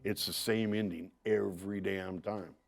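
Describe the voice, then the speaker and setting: A man speaking in an interview, blunt and emphatic with deep frustration. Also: steady tone, unhurried, vocal fry. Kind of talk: emotional interview.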